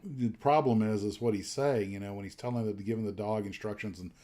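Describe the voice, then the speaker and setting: Low-ish guy hosting a stream, rambly, lots of ums and restarts. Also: fairly quick, background noise. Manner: rambling, many fillers and restarts. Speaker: livestream host. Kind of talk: casual chat.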